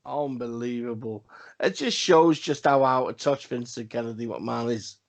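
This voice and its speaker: A man's voice: mid-range voice, moderate pace, gravelly. A man co-hosting a casual wrestling podcast, talking in a rambling, profane way with emphatic repeats. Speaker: podcast co-host.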